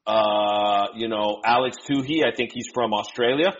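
A man's voice: on the low side, moderate pace. Easygoing man on a lo-fi podcast. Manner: easygoing, agreeable, laughs along. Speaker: podcast co-host. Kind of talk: casual draft-pick chat. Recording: dull lo-fi sound.

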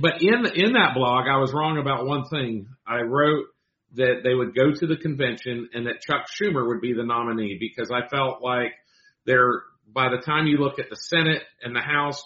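A man who is a guest commentator on a political talk show, speaking in a measured, deliberate way. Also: mid-range voice, sharp tone, echoey room, highs cut off.

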